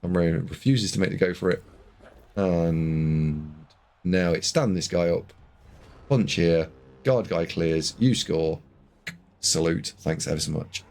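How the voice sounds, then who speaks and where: A man casting a video game match, excitable, jumping from loud shouts to muttered asides. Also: sits low, unhurried, pauses often. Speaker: game caster.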